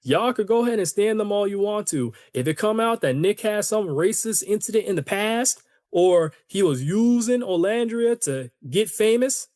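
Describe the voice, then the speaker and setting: A fairly high-voiced man delivering animated, opinionated commentary on his own podcast. He talks casually to his listeners, and the sound is dry and close, with no room echo. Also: moderate pace. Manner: conversational, addresses listeners as y'all. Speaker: podcast host.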